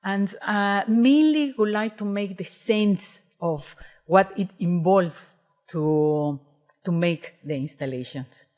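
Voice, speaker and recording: A woman's voice: mid-range voice, slow pace, darkish tone. A woman from Mexico with a strong Mexican accent, giving a lecture in an auditorium and often restarting her sentences. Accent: Mexican Spanish. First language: Spanish. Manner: hesitant, many restarts and fillers. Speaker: guest speaker, independent curator. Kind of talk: lecture presentation.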